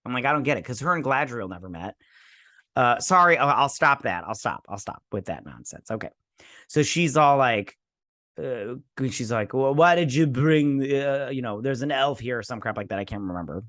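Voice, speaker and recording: Male host, sarcastic rambling reviewer, mid-pitched, dry close sound. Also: animated, moderate pace, pushed and bright, dry recording. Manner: rambling, sarcastic, lots of fillers and restarts. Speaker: show host reviewing a TV episode. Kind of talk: casual spoken review.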